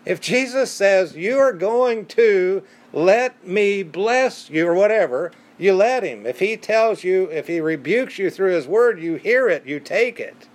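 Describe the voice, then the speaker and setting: Emphatic male preacher, higher voice. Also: animated, measured pace, few pauses. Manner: emphatic, conversational, repeats words for stress. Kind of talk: sermon.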